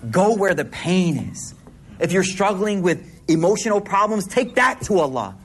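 A man's voice: sits high, sing-song, normal speed, slight background noise. A man preaching a sermon to a congregation in a hall, talking in a casual, slangy way with playful asides.

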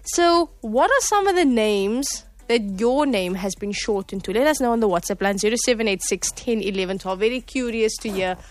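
A woman's voice: on the high side, lively intonation, normal speed, hardly any pauses. A South African woman hosting a radio show in a studio, cheerful and chatty, laughing now and then. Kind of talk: casual radio chat.

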